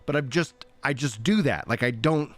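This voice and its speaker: Man, middle-aged, casual livestream chat, rambling, laughs a lot, medium pitch. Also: moderate pace, fairly bright tone, dry recording. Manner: rambling, self-deprecating, laughs often. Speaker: streamer and podcast host.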